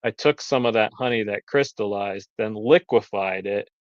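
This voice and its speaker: Chatty beekeeper man, smooth voice. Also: on the low side, moderate pace, no echo. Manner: chatty, explains products in detail. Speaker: beekeeper selling honey. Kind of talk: casual live-stream chat. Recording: dull lo-fi stream audio.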